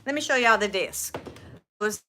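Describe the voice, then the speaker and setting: A woman's voice: medium pitch, measured pace, bright, forceful tone, slight background noise. A woman with a Southern US accent hosting a casual furniture upcycling livestream, folksy and chatty, often trailing off and restarting her sentences.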